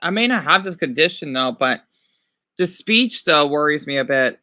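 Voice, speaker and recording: An excitable man chatting on a stream, his voice bright and tense as he reads questions aloud. His pitch swings widely from line to line, and he breaks in with quick exclamations and replies to his chat. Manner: animated, exclaiming, talking back to chat. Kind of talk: casual reactive chat, reading quiz questions aloud.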